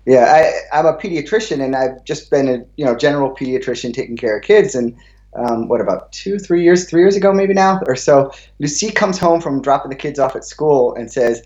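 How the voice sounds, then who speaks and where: A man from America, a pediatrician, speaking as a guest over a video call in a relaxed, hesitant way. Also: mid-range voice, brisk. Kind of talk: casual interview on a video call. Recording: echoey, dull video-call audio.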